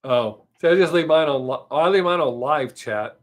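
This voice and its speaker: A man's voice: a little high, normal speed. A man hosting his own live stream, chatting with viewers in a rambling, joking, self-mocking way.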